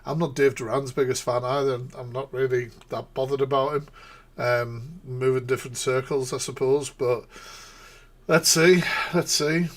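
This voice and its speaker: A man riffs through a casual live-stream reaction, rambling with sarcastic asides and bursts of laughter. His voice sits at an everyday middle pitch. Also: steady tone, normal speed.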